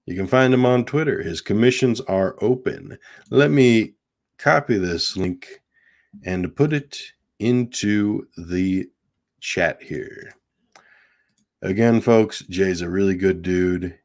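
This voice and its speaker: A man's voice: low-pitched, slow, darkish tone. A man hosting a casual live stream, chatting in a rambling way and often addressing his viewers as folks. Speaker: host.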